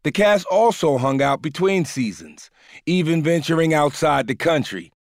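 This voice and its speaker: A man's voice: a little high, expressive, normal speed. A man hosting a podcast, narrating between clips in a casual, slangy way. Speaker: podcast host.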